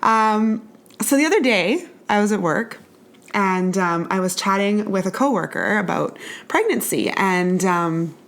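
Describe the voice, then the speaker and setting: A woman's voice: mid-range voice, expressive, a little slow. Nasal woman with a cold. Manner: chatty storytelling, many fillers. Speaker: podcast co-host. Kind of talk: casual podcast chat.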